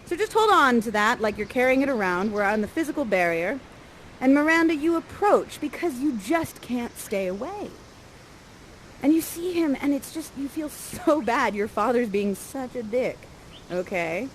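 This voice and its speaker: A woman directing a live Shakespeare performance, coaching the players and reading their lines softly. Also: a little high, moderate pace, a little hiss or hum, rough recording. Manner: animated, coaching, reads lines aloud in a soft voice. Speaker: theatre director coaching actors.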